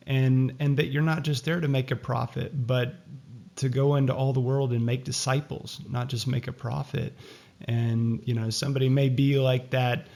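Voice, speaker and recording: A man's voice: medium pitch, darkish tone. A man hosting an interview, speaking in an earnest, encouraging way. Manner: earnest, encouraging, faith-based reflection. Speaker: podcast host.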